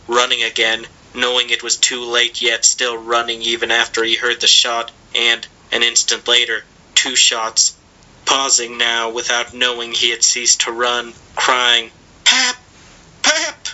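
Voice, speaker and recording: A man reading literary fiction aloud with measured, dramatic storytelling. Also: medium pitch, pushed and bright, poor audio. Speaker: audiobook reader.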